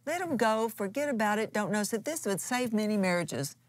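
A woman pastor co-hosting a broadcast, teaching from the Bible in an earnest, conversational way. Her voice sits at an ordinary middle pitch, and she often restarts a phrase mid-thought. The sound is close and dry, with no room echo. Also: expressive, a little fast. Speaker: pastor and co-host.

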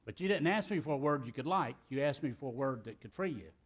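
A man's voice: mid-range voice, expressive, fast, breathy edge. Folksy preacher man. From South Carolina, US. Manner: folksy, talkative, breaks into joking asides. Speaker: pastor. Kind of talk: sermon. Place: church sanctuary.

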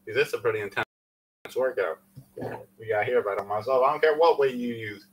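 A man's voice: mid-range voice, a little fast, pauses often, slight background noise, poor audio. A man leading a live-streamed workout, out of breath after exercising, calling out countdowns and encouragement and chatting with lots of fillers. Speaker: fitness instructor.

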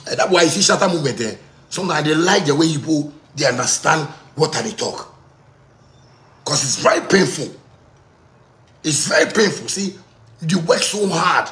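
Ghanaian man ranting with a bright, sharp tone in an echoey room. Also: on the high side, expressive, moderate pace, long pauses. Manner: ranting, repetitive, bursts of shouting. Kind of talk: heated monologue in pidgin.

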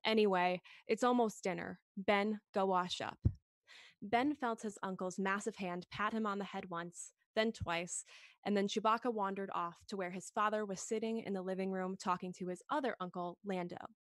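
A woman podcast host reading a story aloud in a gentle, expressive read-along style, lifting her voice for the dialogue. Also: medium pitch, moderate pace, dry recording.

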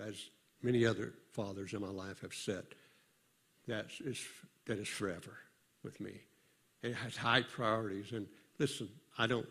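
Gravelly-voiced older man preaching. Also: on the low side, a bit bright. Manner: conversational storytelling, halting with fillers and restarts. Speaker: pastor. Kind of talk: sermon.

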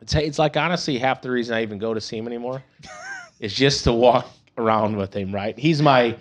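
A man, a podcast guest who tells wild stories in a loose, swearing, animated way and laughs often. His voice sits at an average pitch. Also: brisk, slight background noise. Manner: profane, animated, laughing storyteller. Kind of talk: casual storytelling.

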